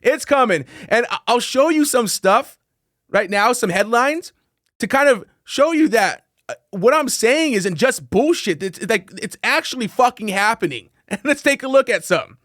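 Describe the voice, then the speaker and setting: A man with a high, very lively voice hosts a casual commentary show, profane and quick to laugh as he reads headlines aloud. His voice is close and dry, with no room sound around it. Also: dry recording. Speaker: podcast host.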